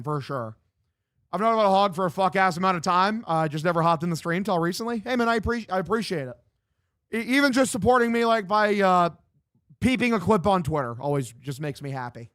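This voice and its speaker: A man's voice: on the high side, a bit bright, no echo, clean studio sound. A young man streaming from home, chatting loosely with his viewers and calling the game play-by-play. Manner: loose, profane, reads chat aloud and answers. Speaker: streamer doing live play-by-play. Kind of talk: casual stream chat with play-by-play commentary. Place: home room.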